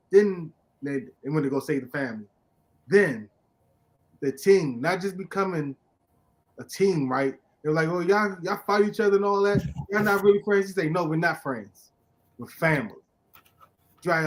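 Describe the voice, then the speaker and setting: An excitable man hosts a casual comic book talk, speaking in a voice pitched a little high. He laughs often and launches into loud, emphatic rants when something gets to him. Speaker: podcast host.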